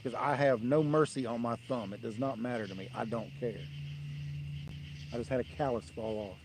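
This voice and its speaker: A man's voice: mid-range voice, normal speed, noisy background. Blunt man ranting outdoors. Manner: blunt, rambling, dismissive. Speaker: fishing livestream host. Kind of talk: casual live-stream rant.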